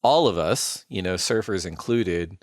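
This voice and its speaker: Man, low voice, dry close sound, casual podcast storyteller who rambles with lots of "like". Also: animated, a little slow, no room sound. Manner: rambling, filler-heavy, frequent "like". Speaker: podcast co-host.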